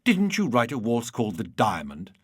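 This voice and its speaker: A man reading a memoir aloud and voicing an effusive, pushy bogus Viennese gentleman. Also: huge pitch swings, normal speed, slightly rough, dry recording, studio quality. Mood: insistent. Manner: gushing, insistent, higher pitched. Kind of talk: audiobook reading.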